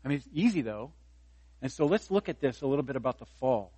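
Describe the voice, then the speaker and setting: A man's voice: mid-range voice, expressive, fast talker, warm tone, breathy edge, dry recording, low-quality recording. Dry-sounding male pastor preaching. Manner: conversational preaching, rising for emphasis, self-deprecating humor. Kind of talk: sermon.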